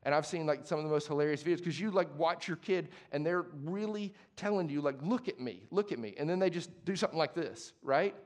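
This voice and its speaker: A young adult man preaching a sermon as pastor, conversational and passionate, moving from hushed to emphatic. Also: fairly high pitch, a little fast, few pauses.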